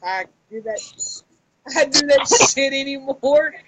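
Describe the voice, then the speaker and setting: A woman's voice: high-pitched, measured pace, heavy background noise. A woman author chatting casually with fans on a live stream from her phone, laughing often and swearing freely.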